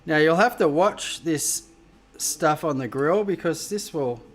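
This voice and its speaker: A man's voice: on the high side, animated, measured pace. An Australian man hosting a live cooking stream, chatting with viewers in a rambling, casual way and swearing freely as he cooks in a home kitchen. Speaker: cooking show host.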